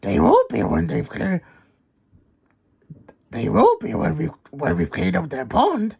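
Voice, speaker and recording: A man reading a children's storybook aloud and voicing a loud, pushy talking digger machine. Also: fairly high pitch, wildly swooping pitch, unhurried, gravelly, husky, heavily acted. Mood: determined. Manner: roaring, pushy. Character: gruff eager digger machine, bossy.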